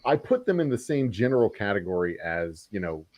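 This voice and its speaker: A man's voice: lowish voice, sing-song, a little fast, a little mellow, dry recording, muffled recording. A middle-aged man hosting a whiskey talk show, chatting casually in a blunt, profane way. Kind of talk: casual chat.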